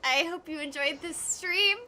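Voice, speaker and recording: A woman hosts a casual game stream in a very high, glassy-bright voice. She speaks at an unhurried pace. Her chat is bubbly and giggly, and it wanders from thought to thought. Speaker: streamer and voice actor.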